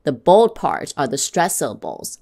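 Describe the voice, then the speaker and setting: A woman giving scripted instruction on English pronunciation, saying example words slowly and clearly to model them. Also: deep voice, huge pitch swings, warm tone.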